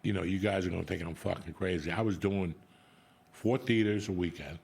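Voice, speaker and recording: Gravelly low-voiced middle-aged man cursing freely. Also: brisk. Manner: profane, blunt, animated storyteller. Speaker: comedian podcast host. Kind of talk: casual storytelling chat.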